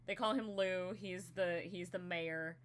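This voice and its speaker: A woman's voice: on the low side, steady tone, a little slow. A woman co-hosting a casual brainstorming chat, rambling with lots of "like" and breaking into giggles. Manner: giggly, rambling, heavy "like" filler. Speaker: podcast co-host.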